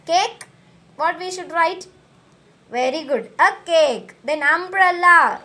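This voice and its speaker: A woman's voice: sits high, lively intonation, slow, bright, forceful tone. A woman, teaching a recorded lesson to young children and repeating each question and answer in a coaxing way. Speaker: school teacher.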